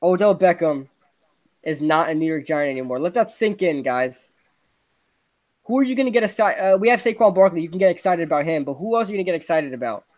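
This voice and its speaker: A young man hosting a casual sports podcast, ranting excitedly and laughing often. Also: a little high, fast talker. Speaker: podcast host.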